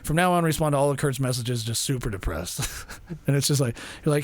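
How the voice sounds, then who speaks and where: A young man co-hosting a podcast, chatting casually and acting out what people said in lively voices. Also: mid-range voice, fairly quick. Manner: animated storyteller, acts out quotes in voices. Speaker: podcast co-host.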